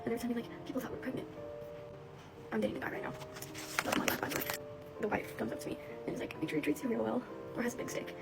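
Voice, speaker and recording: A woman's voice: a little high, very fast, creaky, pauses often, poor audio. A teenage girl working as a cashier, telling a chatty storytime full of fillers and bemused asides. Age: teens. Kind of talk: casual storytime. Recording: music playing behind the voice.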